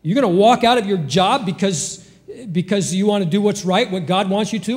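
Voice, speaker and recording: A male pastor preaching with an animated, fairly high voice that leaps up and drops back down between rhetorical questions. His voice rings out in a church hall with a long reverb tail. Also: a little fast. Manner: lively preaching with sudden pitch jumps and rhetorical questions. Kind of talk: sermon. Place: church sanctuary.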